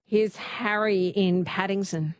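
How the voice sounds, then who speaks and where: A woman hosting a talkback radio quiz, chatty and quick to laugh. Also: mid-range voice, steady tone, dry recording, clean studio sound.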